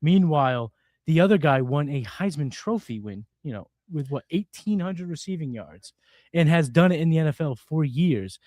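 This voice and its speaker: Male co-host, slightly high, energetic banter, dry close sound. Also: moderate pace, no room sound. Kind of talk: live draft coverage chat.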